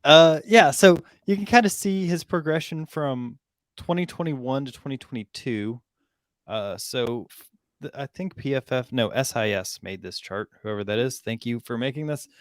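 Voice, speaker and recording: A man's voice: medium pitch, moderate pace, no echo, studio quality. A man on a casual college football podcast, explaining stats with frequent ums and self-corrections.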